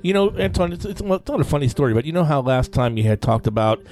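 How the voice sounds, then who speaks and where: A man chatting casually as a podcast co-host, halting and hesitant with many fillers. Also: fairly high pitch, lively intonation, a little mellow, faint music behind. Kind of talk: casual chat.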